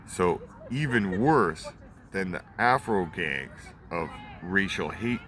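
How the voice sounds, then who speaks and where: A young man in his twenties vents in a heated, profane rant that circles back on itself. His voice sits a little low, and he is recorded outdoors with clear traffic noise rolling past behind him. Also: animated, takes it slowly, fairly bright tone. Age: 20s. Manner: heated, repetitive, swears often. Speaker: vlogger.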